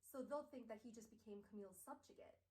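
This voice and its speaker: A glamorous vampire informant, breezy and offhand, put on by a woman reading a story aloud. The voice sits a touch high and carries a loose, jokey impression quality rather than real seduction. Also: fast, mellow, distant mic, lightly acted, rough recording. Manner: mock impression of a famous man's voice.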